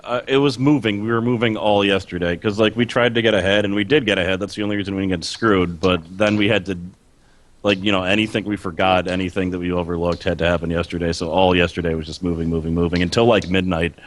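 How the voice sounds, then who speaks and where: Casting note: deep-voiced male podcaster, loose rambling chat, dry close sound. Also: steady tone, fast talker, no room sound. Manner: rambling, laughs mid-sentence, many "like" fillers. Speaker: podcast co-host and video creator.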